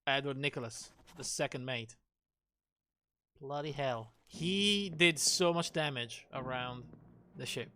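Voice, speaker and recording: A man's voice: medium pitch, slow, bright, forceful tone. A man streaming a game, thinking aloud through clues with wry, self-mocking jokes. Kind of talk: casual live gameplay commentary.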